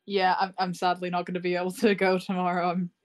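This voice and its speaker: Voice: medium pitch, monotone, fast. A player with an English accent in a tabletop game, talking casually and bluntly. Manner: casual, blunt, swears freely.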